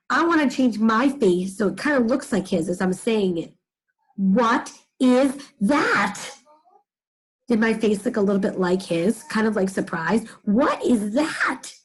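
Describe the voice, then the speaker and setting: Breathy, encouraging teacher woman. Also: medium pitch, moderate pace, rough recording. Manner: encouraging, speaks directly to children. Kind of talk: online reading lesson for children.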